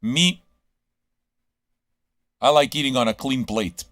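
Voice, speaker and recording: A man's voice: mid-range voice, takes it slowly, fairly bright tone, dry recording, studio quality. A man hosting a live radio stream, ranting crudely at his listeners with constant swearing and rhetorical questions. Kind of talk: crude rambling monologue to chat.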